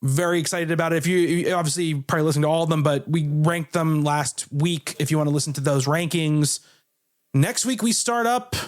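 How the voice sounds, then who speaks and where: A man's voice: a little high, brisk. A man co-hosting a casual film podcast, talking loosely with fillers and restarts. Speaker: podcast co-host.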